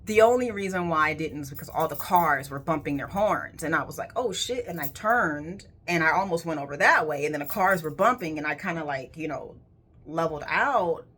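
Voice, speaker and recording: A woman's voice: deep voice, animated, fairly quick, fairly bright tone, slightly rough. A woman who works as a colon hydrotherapist, telling a personal story in a candid, emphatic way and swearing casually.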